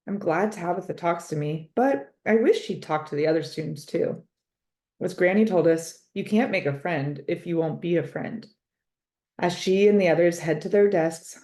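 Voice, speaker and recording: A woman narrating a children's storybook in a lowish, mellow voice. She reads expressively and stretches words out for effect. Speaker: storybook reader.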